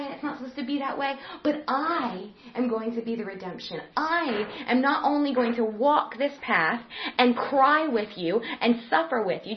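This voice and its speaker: A woman preaching with passion, her medium-pitched voice rising to loud emphasis and then falling to hushed whispers. The sound is a little dull and muffled. Faint noise hums in the background. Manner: impassioned, shifting from loud emphasis to near whispers. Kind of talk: sermon.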